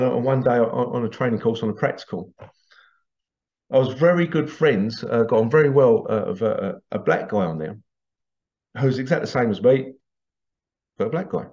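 A middle-aged tradesman vlogger rambles through anecdotes in a casual monologue, chuckling frequently and repeating himself. His voice is medium-pitched and a little mellow, on a slightly dull lo-fi recording.

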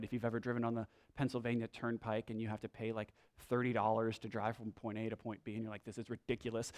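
Using a mid-range voice, the pastor delivers his sermon, prays, and reads scripture, keeping it conversational with rhetorical questions and side remarks.

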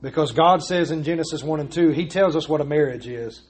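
A man's voice: fairly high pitch, fast talker, hardly any pauses. A man preaching a sermon as pastor, pressing his points with repeated rhetorical questions.

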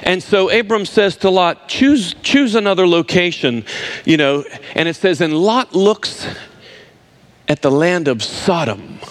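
Emphatic preacher man, higher voice. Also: animated, a little slow. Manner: emphatic, repeats words for stress, addresses listeners directly. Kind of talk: sermon.

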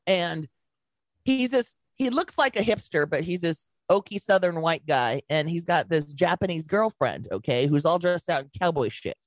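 A woman's voice: fairly low pitch, moderate pace, no room sound, studio quality. A woman co-hosting a podcast, telling stories in casual chat, acting out quotes and swearing freely. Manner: animated storytelling, acts out quotes, swears freely. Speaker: podcast co-host.

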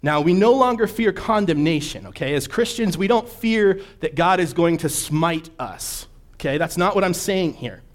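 A man preaching a sermon in a conversational way, often checking in with his listeners and slowing down to read scripture with emphasis. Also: high voice, lively intonation.

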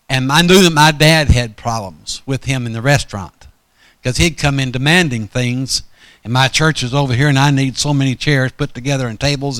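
A man's voice: on the high side, fairly bright tone, no room sound. A man preaching a storytelling sermon in a folksy, rambling way, often correcting himself mid-sentence.

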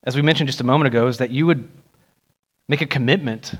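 A young man preaching a sermon in a church, animated and acting out the voices he quotes. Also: fast talker. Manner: animated, acts out quoted voices with rising pitch. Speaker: pastor. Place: church sanctuary.

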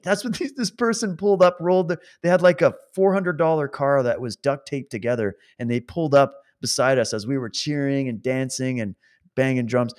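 A man's voice: on the high side, moderate pace, a little mellow. A man delivering an impassioned monologue to viewers, laughing often and switching between mocking and solemn tones. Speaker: protest supporter addressing viewers.

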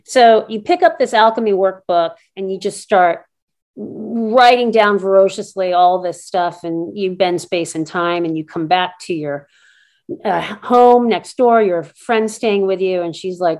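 A woman's voice: medium pitch, a little slow, darkish tone. A woman hosting a casual interview, enthusiastic and affirming, retelling her guest's story back to her. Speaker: podcast host.

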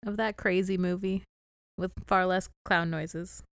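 A woman with a fairly low, gravelly voice co-hosts a casual podcast, teasing and cracking jokes as she recaps a film. The sound is dry and close, with no room echo. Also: fairly even intonation, normal speed. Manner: joking, laughs often, cheeky. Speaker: podcast co-host. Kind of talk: casual chat recapping a movie.

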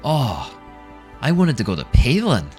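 A man voicing a rowdy, hotheaded male dwarf who blusters and stammers quickly. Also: medium pitch, wildly swooping pitch, a little mellow, soft background music, voice pushed up. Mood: blustering.

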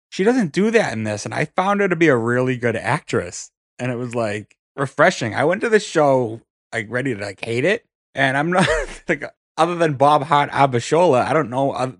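A man co-hosting a podcast, chatting in a casual, animated way. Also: mid-range voice, no echo, clean studio sound. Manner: animated, laughing. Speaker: podcast co-host. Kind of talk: casual chat.

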